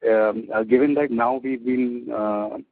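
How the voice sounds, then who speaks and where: A man's voice: mid-range voice, steady tone, measured pace, vocal fry, no room sound. A man with an Indian English accent, asking an analyst's questions with frequent hesitations. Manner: hesitant, filler-heavy questioning. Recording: dry tinny phone line.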